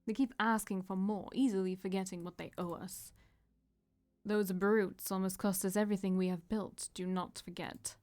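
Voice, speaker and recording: A woman's voice: mid-range voice, steady tone, moderate pace, a little mellow, natural voice. A woman reading the lines of a stern, impatient male military leader who gives curt, dismissive orders.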